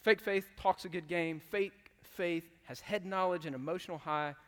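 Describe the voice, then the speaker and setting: A man delivers a sermon in a high, bright-pitched voice, swinging between quiet asides and loud, animated bursts as he acts out the quotes. His voice rings through a church hall with a long trailing reverb. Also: normal speed. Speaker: pastor.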